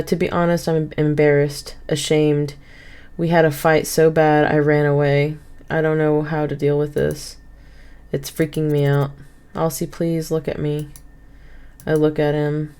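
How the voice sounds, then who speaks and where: A woman streamer with a low, warm, clear, resonant voice reads a visual novel game aloud. She pauses for asides and corrects her own misreadings, with game music playing behind her.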